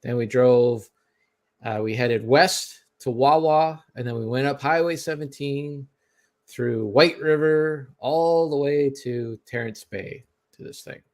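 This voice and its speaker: A man's voice: mid-range voice, slow, darkish tone. A Canadian man with a Canadian accent, telling a long story in casual podcast chat, full of fillers and restarts. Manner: rambling, many fillers and restarts.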